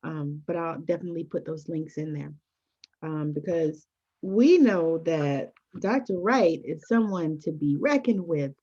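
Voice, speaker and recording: Lower-voiced woman podcast host. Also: expressive, unhurried, dark tone, husky. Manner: enthusiastic, many fillers. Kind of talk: podcast interview. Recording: dull lo-fi audio.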